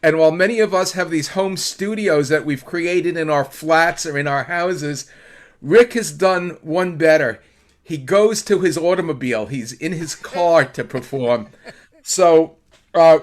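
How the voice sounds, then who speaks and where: A man hosting an online song swap in a casual, hesitant way, with lots of fillers and small laughs. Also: high-pitched. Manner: hesitant, full of fillers, chuckling.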